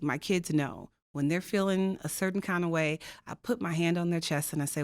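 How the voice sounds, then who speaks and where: A woman's voice: lowish voice, fairly even intonation, moderate pace, few pauses, clear, resonant tone, no room sound, clean studio sound. A woman speaking as a podcast guest, telling stories earnestly and emphatically, with rhetorical questions. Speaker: diversity co-chair and faculty guest. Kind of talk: reflective conversational storytelling.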